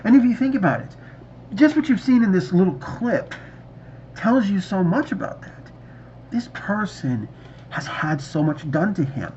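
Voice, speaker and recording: A man's voice: high voice, big pitch swings, a little slow, darkish tone, a little hiss or hum. A man reviewing a TV episode in casual video chat, enthusiastic and rambling, recorded on a dull lo-fi mic. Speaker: movie reviewer.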